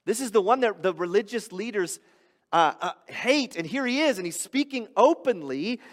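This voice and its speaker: A man preaching a sermon as a pastor, explaining scripture in a conversational, animated way that builds to loud emphasis. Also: sits high, moderate pace, in a large hall.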